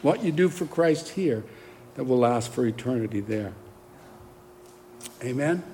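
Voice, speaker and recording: A man preaching a sermon with passion, pressing his points with forceful emphasis and asking the congregation for replies. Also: mid-range voice, animated, a little slow, pauses often. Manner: impassioned, rising to forceful emphasis, call-and-response. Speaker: pastor. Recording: long hall reverb, faint background noise.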